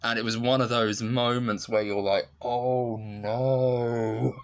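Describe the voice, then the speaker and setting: A man's voice: mid-range voice, little pitch movement, normal speed, a bit bright, clear, resonant tone. A man giving a casual, chatty review of a TV sitcom, retelling scenes with lots of fillers and laughter.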